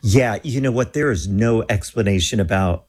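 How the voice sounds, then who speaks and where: A man with a husky, slightly low voice, speaking as a guest in an interview. He tells his story with energy and slips into the voices of the people he quotes. The telling is animated, with a lot of life in it. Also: normal speed.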